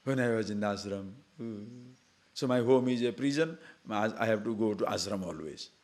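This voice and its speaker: A man's voice: on the low side, normal speed, a little mellow. An older man giving a spiritual discourse, talking conversationally with mocking asides and acted-out quotes. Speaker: spiritual teacher.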